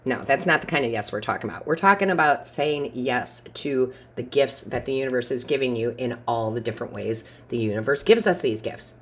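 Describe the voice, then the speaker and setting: A woman's voice: very deep voice, brisk, few pauses, husky. A woman giving a casual tarot reading, talking in a chatty storytelling way and laughing often. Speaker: tarot reader.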